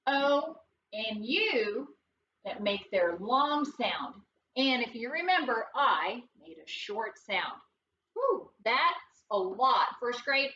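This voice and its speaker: A woman teaching a recorded phonics lesson to first graders, slow and patient, with playful sing-song emphasis. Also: a little high, bright, forceful tone, distant mic, dull audio, slight background noise.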